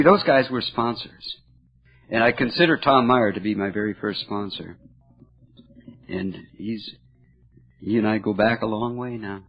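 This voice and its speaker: An older man tells his recovery story with an earnest, halting delivery. His voice is husky, with a mid-range pitch. The recording sounds dull and lo-fi. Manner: earnest, halting, emotional at moments. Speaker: recovery meeting speaker. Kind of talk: personal storytelling talk.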